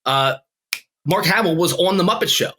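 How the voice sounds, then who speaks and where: A man's voice: high voice, moderate pace, bright, forceful tone, slight background noise. A man co-hosting a podcast in casual chat, swearing and laughing often as he talks. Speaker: podcast co-host.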